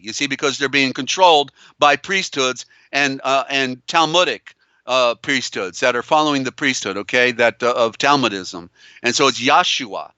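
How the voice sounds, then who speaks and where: A man's voice: mid-range voice, bright, forceful tone, smooth, dry recording, dull audio. A man hosting a live call-in show. He talks emphatically and repeats himself, with many fillers and restarts. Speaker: host. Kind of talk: live call-in show, reading viewer comments.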